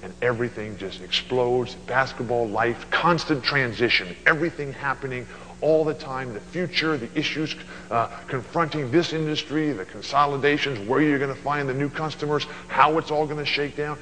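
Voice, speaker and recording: A man in his sixties giving an animated keynote at a luncheon, telling stories and acting out voices. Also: mid-range voice, moderate pace, big-room sound, slight background noise, poor audio. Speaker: motivational speaker. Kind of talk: storytelling keynote speech. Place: banquet hall at a luncheon.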